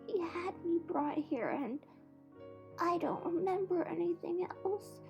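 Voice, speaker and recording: A man voicing a small, sick boy turtle prince who sounds weak, croaky and muffled, with a plaintive manner. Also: extremely high pitch, slow pace, music in the background, pitched above the performer's own voice, heavily acted. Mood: tearful.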